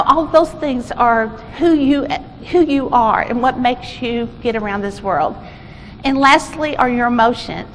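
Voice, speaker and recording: Recorded in an echoey conference hall with faint noise, a female presenter shares a story in a casual, self-correcting way. Her voice sits high and has a fairly bright tone.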